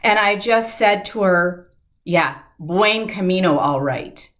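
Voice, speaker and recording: Her voice is fairly low yet animated and somewhat bright as this middle-aged woman shares a personal account in an interview. She speaks earnestly, with heart, taking her time at the emotional beats.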